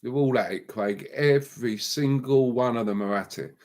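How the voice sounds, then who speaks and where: A man hosts a live stream and rants at his viewers. He talks heatedly, repeats himself for emphasis, and swings between loud outbursts and muttered asides in a mid-range voice. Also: medium pitch, moderate pace. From England. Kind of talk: ranting live stream chat.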